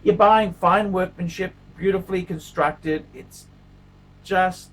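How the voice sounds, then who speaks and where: A man's voice: high-pitched, takes it slowly. A man hosting his own watch-review vlog, talking casually and emphatically, repeating himself and mixing crude jokes with pleading asides. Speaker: watch reviewer, channel host. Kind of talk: casual unscripted vlog monologue.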